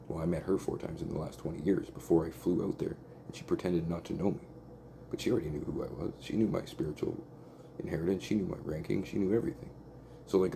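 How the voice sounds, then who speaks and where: Deep gravelly man ranting, profane and agitated. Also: warm tone, slight background noise. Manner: agitated, profane, repeats "like" and "right?". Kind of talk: rambling angry monologue.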